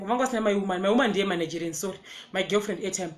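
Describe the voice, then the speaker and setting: A woman with a Zimbabwean accent tells a story in a lively, casual way. She acts out what others said. Her voice sits at a middle pitch. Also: very fast, echoey room. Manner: animated, switches between English and Shona, acts out quotes. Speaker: storyteller vlogger.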